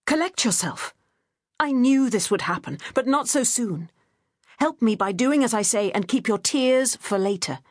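A woman's voice: a little high, expressive, measured pace, no echo, clean studio sound, pitched above the performer's own voice. A woman voicing a weary, proud imprisoned queen who speaks firmly but sounds resigned.

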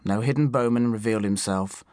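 Measured male audiobook narrator. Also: on the low side, a little mellow, no echo, studio quality. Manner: clear, measured storytelling. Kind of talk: scripted storybook narration. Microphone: studio microphone.

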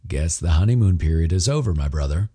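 A man's voice: low-pitched, animated, fast, dark tone, husky. A man voicing a nervous young man. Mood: joking. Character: nervous young man, joking then tense. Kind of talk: audiobook character voice.

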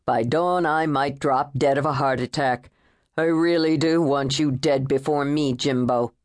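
A woman reading an audiobook voices a mad old man who taunts his victim in a deep, sneering voice. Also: fairly even intonation, measured pace, darkish tone, no room sound, clean studio sound. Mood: taunting. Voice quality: deep voice, scratchy laugh. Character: menacing old male killer, mad and taunting. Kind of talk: audiobook character voice.

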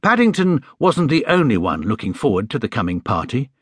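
A man narrating a children's story in an audiobook, in a warm, measured storytelling manner, recorded on a close studio mic. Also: mid-range voice, very animated, breathy edge, no echo.

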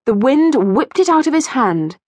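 A woman narrating a children's audiobook with expressive storytelling, recorded in a studio. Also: high-pitched, moderate pace, dry recording. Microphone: studio mic.

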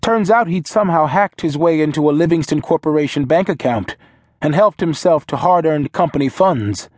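A man narrating a novel in a measured, steady storytelling manner. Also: on the high side, dry recording, studio quality. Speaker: audiobook narrator. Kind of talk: scripted narration.

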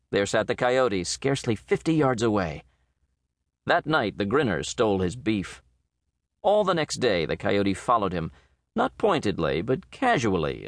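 Male narrator for a western short story, measured, lively pitch, very dry studio sound. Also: creaky, no room sound. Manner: measured, expressive storytelling reading. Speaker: audiobook narrator. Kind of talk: scripted narration.

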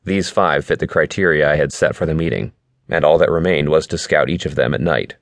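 A man narrating a novel in the first person, in calm, measured storytelling. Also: rumbling low, gravelly, no echo. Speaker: audiobook narrator. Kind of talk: scripted narration.

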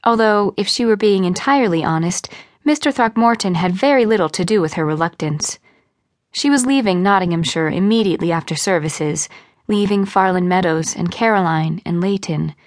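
A woman narrating a historical romance audiobook with expressive storytelling, changing her voice for the characters. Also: lowish voice, moderate pace, dry recording, studio quality. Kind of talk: scripted narration.

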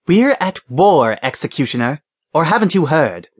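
A man's voice: on the high side, sing-song, normal speed, voice pushed up. A man doing a stern female warrior commander. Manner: commanding, curt.

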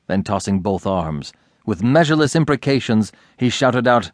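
A man's voice: on the low side, animated, normal speed, dry recording, clean studio sound. A man narrating an unabridged classic novel as an audiobook reader. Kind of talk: scripted narration.

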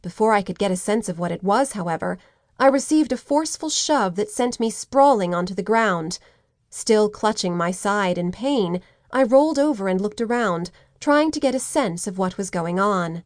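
A woman reading a teen novel aloud in first person, steady and clear. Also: medium pitch, dry recording, studio quality. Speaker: audiobook narrator. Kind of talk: scripted first-person narration.

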